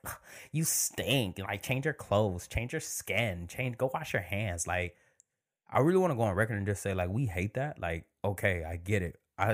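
Male podcast host, low-pitched, relaxed chat with hushed asides. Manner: relaxed and conversational, drops into near-whispers for emphasis. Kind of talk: casual solo podcast monologue.

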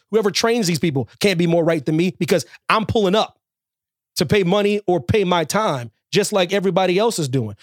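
A high-pitched man on a podcast with a voice that swings widely up and down as he rants. He is emphatic and repeats himself, and he breaks into exaggerated quotes of other people. The recording is dry and close. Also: no echo. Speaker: podcast co-host. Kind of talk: casual chat.

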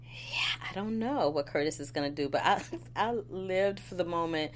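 A woman co-hosting a casual chat about a soap opera, animated and quick to laugh. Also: lowish voice, slight background noise. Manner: animated, laughs often, acts out quotes. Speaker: soap opera podcast co-host.

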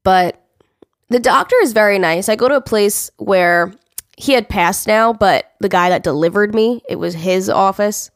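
A woman's voice: mid-range voice, normal speed, dry recording, clean studio sound. A young woman co-hosting a podcast in casual chat, giggly and playful, often repeating a phrase for laughs. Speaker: podcast co-host.

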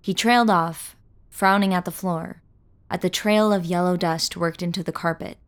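A woman reading a first-person audio story as narrator, in a measured, wry storytelling manner. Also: lowish voice, fairly even intonation.

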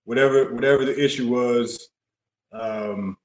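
A man in his forties, a guest in a casual interview, who speaks calmly and repeats key phrases to stress them. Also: medium pitch, measured pace. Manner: calm, loyal, repeats phrases for emphasis. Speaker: guest, former NBA player. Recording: roomy echo.

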